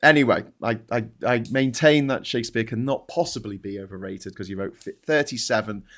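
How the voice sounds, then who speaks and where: A middle-aged British man hosting a casual live-stream debate, jokey and quick to swear. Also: mid-range voice. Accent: British English. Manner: animated, jokey, swears freely. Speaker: show host.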